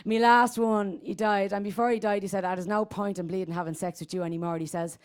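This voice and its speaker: A woman's voice: medium pitch, fairly even intonation, fast talker, smooth, close to an everyday voice. A woman playing a brash, crude elderly woman from inner-city Dublin with a thick Dublin accent, rambling and streetwise in a comic monologue. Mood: bawdy. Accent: Dublin Irish. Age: 80s. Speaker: comedy character guest. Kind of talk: stand-up character monologue.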